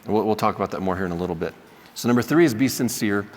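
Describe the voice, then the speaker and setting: A man's voice: on the low side, rapid-fire, slight background noise. A man teaching a class in a conversational way, often checking in with "right?" as he explains a point. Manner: conversational, checks in with "right?", acts out sample apologies. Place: lecture hall. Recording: long hall reverb.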